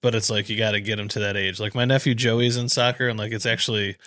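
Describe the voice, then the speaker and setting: A man's voice: fairly low pitch, level tone, quick pace, pushed and bright, no echo, studio quality. A man co-hosting a podcast, joking and teasing in casual banter. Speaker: podcast co-host. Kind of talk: casual chat.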